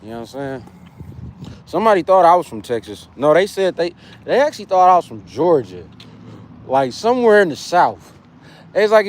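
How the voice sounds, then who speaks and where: Laid back cali guy chatting on his fitness stream, voice bouncing all over, kinda high. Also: sing-song, a little fast. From California. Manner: laid-back, chatty, greets viewers by name. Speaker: fitness livestream host. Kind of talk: casual livestream chat with viewers.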